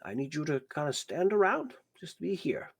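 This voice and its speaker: A man voicing a kindly, forgetful old grandfather who talks in gentle, halting phrases. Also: a little high, big pitch swings, vocal fry, slightly rough, pitched above the performer's own voice, exaggerated voice.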